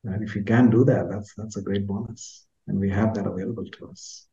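A man in his sixties from India, telling a heartfelt personal story in an earnest, reflective way, his voice fading softly at the ends of phrases. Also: lowish voice, steady tone, fairly quick, lo-fi sound. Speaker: guest author.

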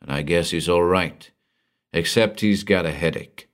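Deep-voiced guy reading as a gruff raspy bodyguard, blunt and offhand. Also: a little slow. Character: gruff, tough hired bodyguard, middle-aged man.

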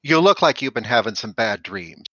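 A man in a tabletop game, pushing and threatening as his character. His voice is bright and edged, with a dry, slightly dull recording. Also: mid-range voice, sing-song, normal speed, no echo. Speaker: player.

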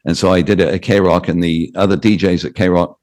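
Guest: British DJ, deep voice, storyteller, acts out quotes. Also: male voice, fairly quick. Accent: British English. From Britain. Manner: animated anecdotes with quoted voices. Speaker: radio DJ and author guest. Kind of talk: storytelling interview.

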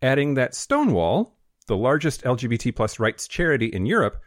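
A man's voice: medium pitch, big pitch swings, brisk, no echo. A man co-hosting a podcast in a studio, reading news items with blunt, profane sarcasm. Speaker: podcast co-host. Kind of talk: casual chat, reading news.

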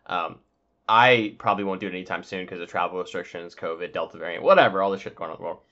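A man's voice: sits low, fast, pushed and bright, highs cut off. A man co-hosting a podcast, chatting casually and riffing on silly jokes. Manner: joking, riffs on silly bits. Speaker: podcast co-host. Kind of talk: casual chat.

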